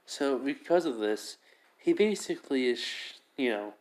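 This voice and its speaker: A man casually narrating a fan-made story off the cuff. He rambles, circling back with fillers and restarts. His pitch stays in a middle range. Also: animated, moderate pace.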